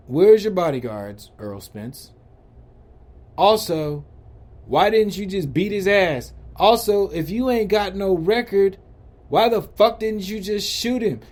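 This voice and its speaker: Fired-up man ranting, higher voice. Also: a little mellow. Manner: heated, profane, repeats rhetorical questions. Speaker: podcast host. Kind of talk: ranting commentary.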